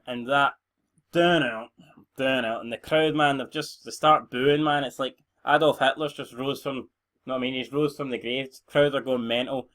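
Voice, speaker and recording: A man's voice: mid-range voice, a bit bright. Blunt sweary Scottish young man. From Scotland. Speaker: gaming channel host. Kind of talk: casual game commentary.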